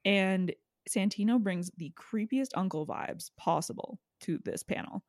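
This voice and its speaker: A woman's voice: medium pitch, animated, a little slow, darkish tone, dry recording, clean studio sound. A woman co-hosting a podcast, chatting casually in a snarky, gossipy way and laughing often. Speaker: podcast co-host. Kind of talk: casual chat.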